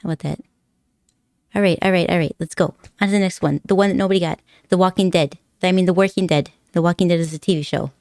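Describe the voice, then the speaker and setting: A woman streamer rambles through a casual chat with her viewers, giggling often and teasing them playfully. Her voice sits fairly low, and the close mic sounds dry with no room echo. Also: fairly even intonation, rapid-fire, a little mellow. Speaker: live streamer.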